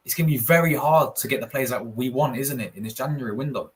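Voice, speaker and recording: A man's voice: mid-range voice, fast. A man hosting a casual football podcast, agreeable and laid-back, calling his guest bro and man. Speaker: podcast host.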